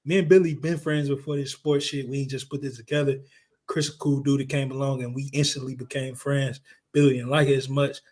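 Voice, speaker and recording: A man co-hosting a casual sports podcast, talking in a profane, heated, emphatic way, his voice a little hoarse. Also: medium pitch, little pitch movement, brisk, a little mellow. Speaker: podcast co-host. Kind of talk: casual sports chat and rant.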